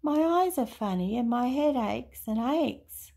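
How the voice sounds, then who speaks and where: A woman's voice: fairly high pitch, expressive, slow pace, vocal fry, breathy edge, voice pushed up, heavily acted. A woman voicing a dazed young male monkey who talks in a whiny, plaintive way.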